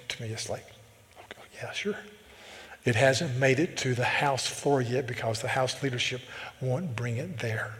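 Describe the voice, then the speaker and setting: A man from the American South, preaching a sermon as a pastor. He talks emphatically and repeats words as he builds a point. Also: mid-range voice. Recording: long hall reverb.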